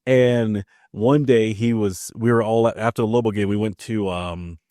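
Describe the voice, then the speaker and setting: A man's voice: on the low side, steady tone, normal speed, warm tone, no room sound, clean studio sound. A man from Maryland hosting a podcast, chatting casually and telling family stories, acting out the dialogue as he goes. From Maryland, USA. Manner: chatty storyteller who acts out family dialogue. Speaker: podcast host.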